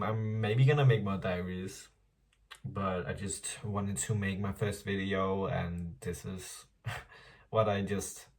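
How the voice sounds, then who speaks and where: A man's voice: low voice, creaky, darkish tone, distant mic. A young man chatting casually in a diary vlog while doing his makeup, rambling, self-deprecating and swearing playfully. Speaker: vlogger.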